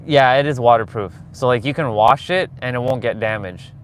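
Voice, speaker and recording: Casting: man in his forties, rambling live-stream host, mid pitch, talking from a car with clear road noise. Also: brisk. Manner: rambling, chatty, talks to viewers. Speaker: vlogger. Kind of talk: casual live-stream chat while driving. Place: in a car on city streets.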